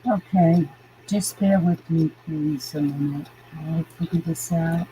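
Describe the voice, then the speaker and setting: A woman's voice: low voice, slow, mellow, a little hiss or hum, poor audio. An older woman hosting a live stream, ranting indignantly and greeting viewers by name, stuffy from a sinus infection. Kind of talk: casual live-stream chat.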